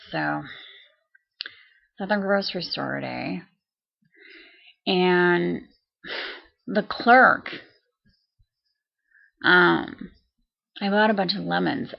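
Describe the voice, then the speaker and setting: A woman's voice: lowish voice, creaky, muffled recording. A woman ranting to her viewers in a casual vlog, chatty and indignant, with many fillers and restarts. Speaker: vlogger.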